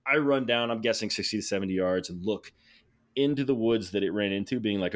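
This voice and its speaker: A man telling a story casually as a podcast guest, animated and excited, laughing and restarting sentences. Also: lowish voice, fast talker.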